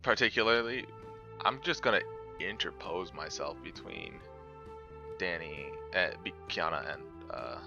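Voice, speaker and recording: Very deep, halting man on a dull mic. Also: animated, creaky, music in the background. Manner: halting, trails off softly. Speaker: player. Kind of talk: casual tabletop play.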